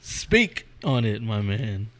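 A man's voice: on the low side, very animated, slow, fairly bright tone. A man hosting a casual podcast with a table of guests, teasing and laughing a lot while playing sound drops. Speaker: podcast host. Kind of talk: casual group chat.

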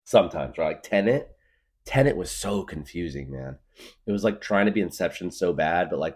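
Man, 30s, podcast host, comedic monologue, rambling and filler-heavy, low voice, animated pitch. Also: a little fast. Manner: rambling, full of fillers, laughs at his own jokes.

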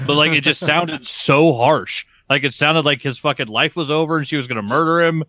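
A man's voice: a little high, brisk, sharp tone, dry recording. A man co-hosting a podcast, telling a laid-back story and swearing casually. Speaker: podcast co-host.

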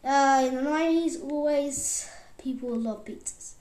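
A woman around twenty rambling excitedly in a casual vlog, jumping between loud outbursts and whispers. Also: high voice, a little slow. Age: about 20. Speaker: vlogger.

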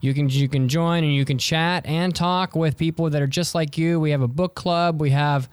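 A man's voice: on the high side, steady tone, normal speed, clear, resonant tone, no room sound. A man hosting a casual podcast, joking around and rambling through plugs. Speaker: podcast host.

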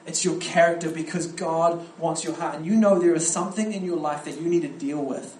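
A young man preaching a camp sermon to young people, animated and storytelling, with frequent restarts. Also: a little high, fairly quick, a little hiss or hum. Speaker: youth pastor preaching at a camp. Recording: echoey hall with faint ambience.

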